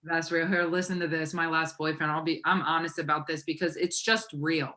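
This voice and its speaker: A woman life coach with a lowish, bright voice, speaking earnestly and with emphasis. She sounds motivational and sure of herself in a podcast conversation. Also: flat delivery, brisk. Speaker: guest, faith-based life coach.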